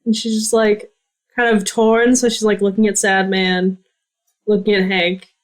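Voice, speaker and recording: A woman playing her character in a tabletop game, quick and playful, laughing easily and slipping into a prim, formal voice. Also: medium pitch, flat delivery. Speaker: player.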